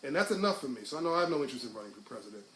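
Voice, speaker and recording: A man's voice: medium pitch, sing-song, very fast, a bit bright. Man rambling live to viewers, echoey room. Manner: rambling, with many restarts and fillers, then building to fervent speech. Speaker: livestream host reading viewer comments. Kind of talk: casual live talk to viewers. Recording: echoey room with faint hiss.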